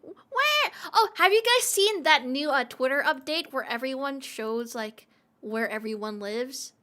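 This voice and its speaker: A woman's voice: sits high, expressive, measured pace, pushed and bright. A young woman chatting casually on a livestream, giggly, rambling and playfully dramatic. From Australia. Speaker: streamer.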